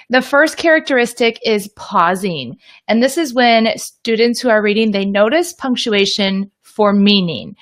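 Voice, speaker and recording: A woman hosting a live online teaching session, explaining reading skills in an upbeat, chatty way and greeting viewers by name. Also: medium pitch. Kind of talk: casual teaching livestream.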